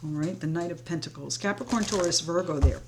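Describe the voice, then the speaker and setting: Her pitch runs fairly low and her delivery fairly quick, with a faint hiss or hum on the recording. Reading tarot at home beside burning sage, the woman reassures her audience in a smooth, friendly flow, speaking directly to them.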